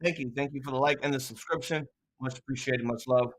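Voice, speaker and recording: A young adult with a New York accent co-hosting a casual live reaction stream, ranting loudly and joking with plenty of profanity. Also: medium pitch, steady tone, fast, rough recording. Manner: loud, profane, joking rants.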